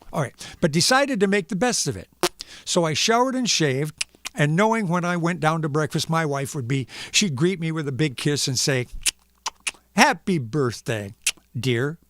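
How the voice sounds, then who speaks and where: Guy reading a funny story on his stream, kinda high voice, makes little noises for punctuation, super animated. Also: no room sound. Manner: playful storyteller making sound effects for punctuation. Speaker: musician hosting a live stream. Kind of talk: comedic reading on a live stream.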